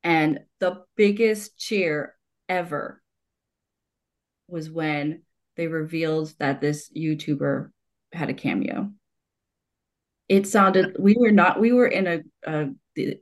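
A woman in her forties chats casually on a conversational podcast, her low voice moving at a measured pace. She talks in long, rambling stretches, restarting sentences and laughing along the way.

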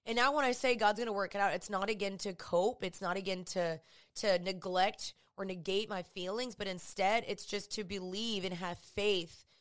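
A woman's voice: medium pitch, fairly even intonation, normal speed. A woman hosting a podcast, talking earnestly and conversationally about faith, often repeating phrases for emphasis. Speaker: podcast host. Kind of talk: casual faith talk.

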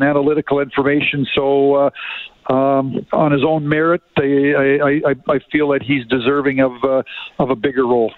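Older club executive calling in, choppy phrasing with constant restarts, narrow tinny phone sound, slightly high and monotone. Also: male voice, dry recording. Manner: halting, many fillers and restarts. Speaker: hockey team general manager. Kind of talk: phone-in radio interview.

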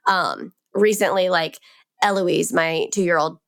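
A young woman co-hosting a podcast, chatting casually in a warm-hearted way with many "like" fillers. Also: on the low side, takes it slowly, gravelly. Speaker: podcast co-host.

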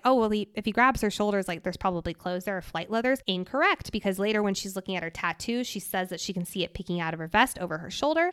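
Chatty young woman, smooth clear voice. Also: mid-range voice, a bit bright, no room sound, clean studio sound. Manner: chatty, fast, lots of "like" fillers. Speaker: podcast co-host. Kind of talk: casual book discussion.

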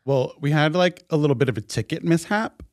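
A man's voice: on the high side, fairly quick, dry recording, studio quality. A man co-hosting a podcast, telling a story in casual chat, full of "like" fillers. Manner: chatty storyteller, heavy "like" fillers. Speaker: podcast co-host.

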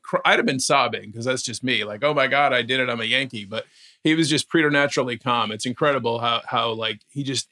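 Guy co-hosting a sports podcast, lively storyteller, bright voice. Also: medium pitch. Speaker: podcast co-host. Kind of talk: casual sports chat.

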